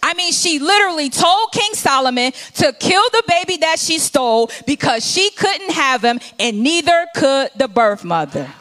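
High-voiced woman minister preaching. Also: big pitch swings, moderate pace, hardly any pauses, fairly bright tone. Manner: conversational preaching, acts out scripture scenes. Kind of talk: sermon.

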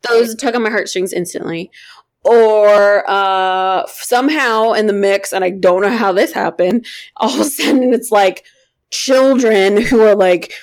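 A woman's voice: mid-range voice, a little slow. A woman co-hosting a podcast in casual chat, chatty and swearing freely, with many fillers and laughs. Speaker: podcast co-host.

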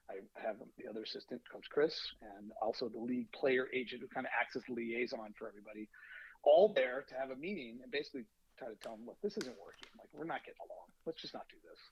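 A man's voice: mid-range voice, slightly rough, no echo, highs cut off. A man, a youth baseball coach, telling a long story on a podcast and acting out the lines of the people in it. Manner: animated anecdote, acting out quoted lines.

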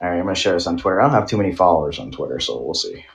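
A man's voice: deep voice, lively intonation, racing, vocal fry. A man trading crude, mock-aggressive trash talk with a friend while streaming.

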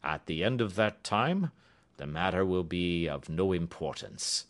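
A man voicing a haughty Bohemian king with a deep, harsh voice and a German accent. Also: animated, measured pace. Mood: grave.

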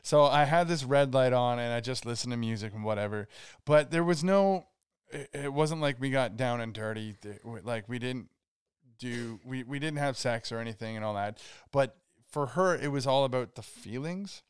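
Young man, rambling storyteller, casual podcast chat, smooth resonant voice, dry close sound. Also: mid-range voice, normal speed, no echo. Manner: rambling, swearing, acts out quotes. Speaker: podcast co-host.

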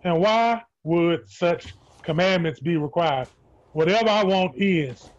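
A man with a high voice reads aloud and jokes chattily during a group call. His audio sounds dull and dry. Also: a little slow, no room sound. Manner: joking, chatty. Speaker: group member reading aloud. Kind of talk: casual group chat.

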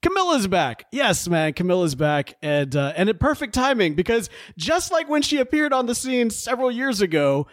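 A man hosting a casual podcast, animated and chatty, with many stammered restarts and laughs. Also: high-pitched, moderate pace, hardly any pauses, no room sound, clean studio sound. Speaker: podcast host. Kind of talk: casual chat.

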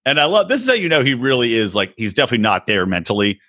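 A man co-hosting a podcast, chatting casually and swearing, mocking people by quoting them in high voices. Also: rapid-fire, lo-fi sound. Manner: animated, profane, mocking quotes in high voices. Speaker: podcast co-host. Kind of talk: casual chat.

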